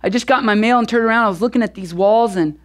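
A pastor in his thirties preaching a sermon through a relaxed personal story, talking conversationally with casual fillers. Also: high-pitched, quick pace.

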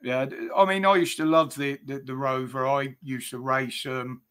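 A man chatting on a live stream, speaking calmly and matter-of-factly. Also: mid-range voice, moderate pace, smooth. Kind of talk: casual chat.

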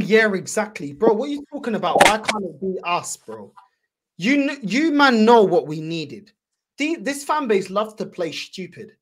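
A man's voice: high voice, background noise. A man with a London accent hosting a football fan channel, angrily ranting and repeatedly calling people "bro". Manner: angry, ranting, repetitive "bro". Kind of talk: heated fan reaction rant.

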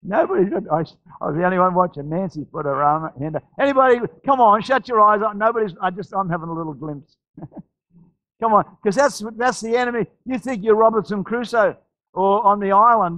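This sermon comes from an Australian-accented pastor whose exhorting style relies on repetition and stammering restarts. He speaks in a high, slightly bright voice at a normal pace. The audio is poor, with no room sound.

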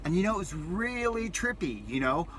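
A man's voice: high-pitched, sing-song, moderate pace, a bit bright, slight background noise. A man vlogging from his parked vehicle, telling a rambling, enthusiastic story in a casual way that repeats itself.

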